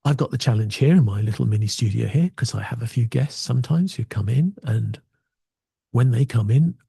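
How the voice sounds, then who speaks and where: A man's voice: medium pitch, expressive, a little fast, creaky, mellow, breathy edge, no room sound. A man giving casual, opinionated tech talk from his small home studio, full of wry asides. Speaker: video tech presenter.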